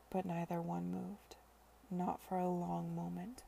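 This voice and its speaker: Gravelly-voiced woman reading aloud. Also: lowish voice, completely flat delivery, measured pace, dark tone, slight background noise. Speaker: podcast reader.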